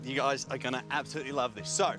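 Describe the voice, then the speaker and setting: A man's voice: medium pitch, fairly even intonation, rapid-fire. A man with an Australian accent, hosting a casual, jokey chat outdoors with a dog trainer. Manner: jokey, self-deprecating, playful. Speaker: host. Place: outdoors in a field. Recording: music playing underneath.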